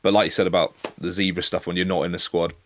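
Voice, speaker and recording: A man in his thirties, a guest on a sports podcast, thinking aloud in a relaxed, hesitant way. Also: low-pitched, quick pace, slight background noise. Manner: thoughtful, hesitant restarts. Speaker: guest, international rugby player. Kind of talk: casual interview chat.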